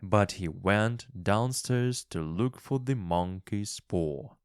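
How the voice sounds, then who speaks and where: A man slowly reading a graded English story aloud, clearly enunciating each phrase. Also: fairly low pitch, dry recording, studio quality. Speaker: narrator of a graded English reader. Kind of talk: slow, expressive storybook reading.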